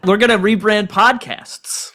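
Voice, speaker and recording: An American man hosting a podcast in casual chat, joking and self-mocking with quick asides. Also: high voice, steady tone, pushed and bright. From United States. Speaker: podcast host.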